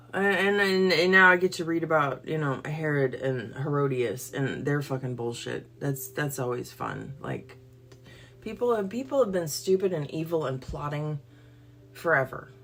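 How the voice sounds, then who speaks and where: A woman's voice: low voice, lively intonation, measured pace, a bit bright, a little hiss or hum. A woman, hosting a livestream and ranting bluntly and profanely before a Bible reading. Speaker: livestream host. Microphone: phone or computer livestream.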